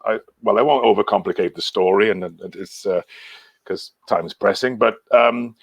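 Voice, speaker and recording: A man's voice: fairly low pitch, moderate pace, vocal fry, breathy edge, no room sound. A man, a guest singer from Wales, chatting casually in a rambling way, often trailing off and chuckling. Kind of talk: casual chat.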